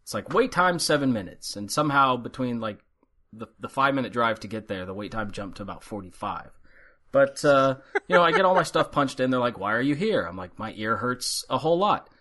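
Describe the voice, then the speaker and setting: A man's voice: medium pitch, lively intonation, a little fast, pushed and bright. A middle-aged man on a podcast, telling a story in a dry, sarcastic way and acting out both sides of a conversation. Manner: wry, sarcastic storyteller acting out quoted dialogue. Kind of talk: casual storytelling chat. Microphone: headphones and studio mic.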